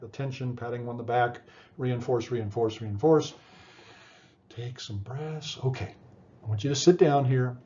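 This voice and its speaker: A man's voice: medium pitch, dark tone, muffled recording. A man giving a conversational psychology lecture, explaining with everyday examples and often checking in with "right?". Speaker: psychology instructor.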